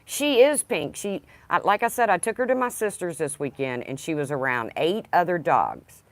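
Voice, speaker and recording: Woman hosting a casual livestream, low pitch with lively swings, rambling. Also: normal speed, dry recording. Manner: rambling, talks to her dog. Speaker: livestream host.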